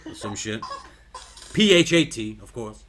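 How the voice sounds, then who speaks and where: A man's voice: medium pitch, sing-song, measured pace, a bit bright, a little hiss or hum. A man co-hosting a live show in crude, casual banter, laughing often and slipping into mock accents. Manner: laughing a lot, putting on joke accents.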